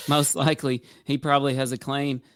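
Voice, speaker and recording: A man's voice: mid-range voice, level tone, normal speed, fairly bright tone, clean tone, no echo, studio quality. A man hosting a podcast, chatting casually and promoting a book. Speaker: podcast host.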